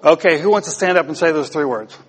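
A man's voice: a little high, fast talker, in a large hall. A man preaching an interactive sermon as pastor, playfully quizzing the congregation and asking them to repeat words. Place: church.

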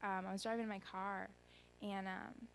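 A woman's voice: medium pitch, little pitch movement, moderate pace, vocal fry, slight background noise, poor audio. Young woman, earnest, rambling, filler-heavy, church testimony. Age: young adult. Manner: earnest, rambling, many ums. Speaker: speaker giving a testimony. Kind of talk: personal testimony at a church gathering.

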